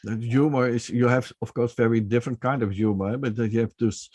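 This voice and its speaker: A man hosting a panel discussion in a mid-range voice, politely steering his guests with questions. His delivery is calm and even. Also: medium pitch, a little fast. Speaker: host.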